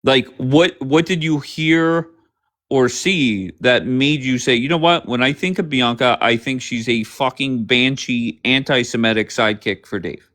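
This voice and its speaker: A man hosting a livestream, bluntly grilling his guests with rapid questions and frequent swearing. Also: mid-range voice, a bit bright. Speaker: livestream host. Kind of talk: confrontational livestream chat.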